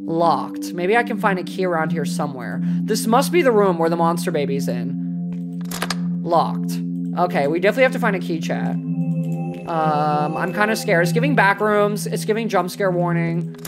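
A young woman streaming a horror game, talking to chat and reacting loudly, with lots of swearing. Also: fairly low pitch, moderate pace, loud music behind the voice. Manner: animated, swearing, dramatic scared outbursts. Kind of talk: live gameplay commentary.

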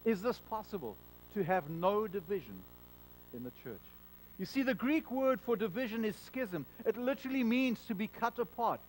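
High-voiced male pastor preaching. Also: very animated, moderate pace, slight background noise, rough recording. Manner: earnest, repeats words when stressing a point. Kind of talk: sermon.

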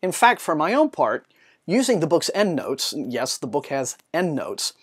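A man presents a scripted book review as the host of his show. He talks in an articulate, measured way and slips in dry asides. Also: on the high side, very animated, husky.

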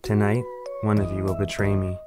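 A man voicing a quiet, deadpan teenage boy in a comedic fan meme dub, flat and low-key, with music behind. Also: fairly quick, close to an everyday voice. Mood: solemn.

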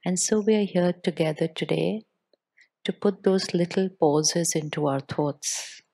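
A woman giving a spiritual talk to a live audience, speaking with deliberate pauses and putting questions to the listeners. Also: fairly low pitch, warm tone.

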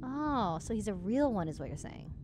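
A woman's voice: medium pitch, sing-song, moderate pace, noisy background. A woman streamer in a comic role-play phone call who teases and reacts in a giggly, exaggerated way.

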